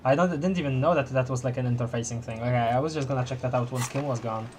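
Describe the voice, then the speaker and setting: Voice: medium pitch, quick pace, music in the background. A streamer casually commenting while playing a game, chatty and laughing often. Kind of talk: casual let's-play commentary.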